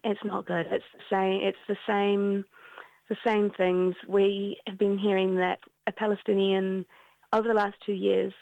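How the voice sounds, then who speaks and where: A woman, giving an earnest, halting news interview as an activist, with many restarts. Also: mid-range voice, little pitch movement, gravelly, no echo. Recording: dull lo-fi dry sound.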